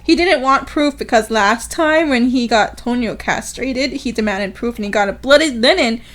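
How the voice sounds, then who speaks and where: A woman's voice: on the high side, moderate pace. A woman co-hosting a podcast, recapping a novel in casual chat and laughing often as she retells each scene. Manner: animated retelling, reading quotes aloud with laughter. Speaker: podcast co-host.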